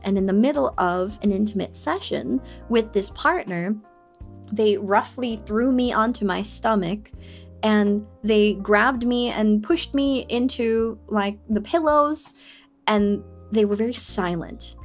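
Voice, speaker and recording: A young woman streaming, confiding a personal story in an unhurried, middle-pitched voice. Every so often she breaks into high, excited squeals at her chat. Soft music plays faintly behind her. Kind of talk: casual livestream chat, telling a personal story.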